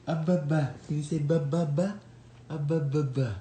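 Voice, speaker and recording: A woman's voice: deep voice, fairly even intonation, moderate pace, mellow, slight background noise. A woman talking to her baby in home videos, in playful sing-song baby talk that switches between English and Filipino. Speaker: parent filming her baby.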